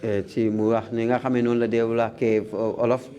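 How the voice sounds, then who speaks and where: A man interpreting live at a hearing, quick and filling gaps with "eh". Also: mid-range voice, level tone, dark tone. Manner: quick, with many "eh" fillers. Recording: faint background noise.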